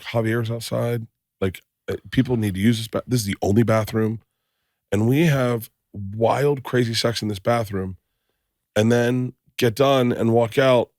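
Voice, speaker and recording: Low-voiced middle-aged man telling rambling stories. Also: a little mellow, no echo, studio quality. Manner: profane, rambling storyteller acting out quotes. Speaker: podcast host. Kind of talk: casual chat, storytelling.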